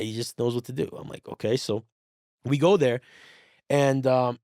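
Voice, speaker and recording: Animated swearing man telling a story. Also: mid-range voice, moderate pace, no echo, studio quality. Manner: animated, swears freely, acts out quoted dialogue. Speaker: podcast guest. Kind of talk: casual storytelling.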